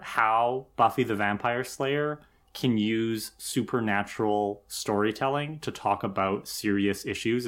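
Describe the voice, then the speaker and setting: A man co-hosting a podcast, giving thoughtful, analytical commentary on an episode. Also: mid-range voice. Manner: thoughtful, analytical, some restarts. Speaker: podcast co-host. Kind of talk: casual critical discussion.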